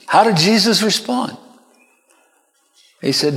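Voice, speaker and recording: A man preaching a sermon slowly and deliberately, lifting his voice sharply when he quotes others. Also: on the high side, sing-song, gravelly, fairly bright tone. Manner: slow, deliberate delivery that rises sharply when quoting. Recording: long reverberant hall.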